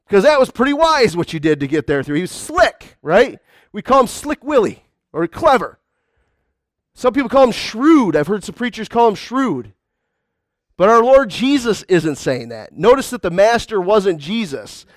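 A man's voice: high-pitched, big pitch swings, moderate pace, no room sound, studio quality. A man preaching a conversational sermon to a congregation, often calling out to the crowd. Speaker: pastor.

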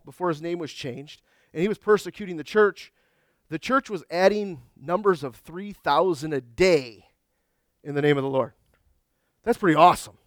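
A man's voice: sits high, no room sound, clean studio sound. A man preaching a sermon as pastor, earnest and emphatic, with frequent restarts. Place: church sanctuary.

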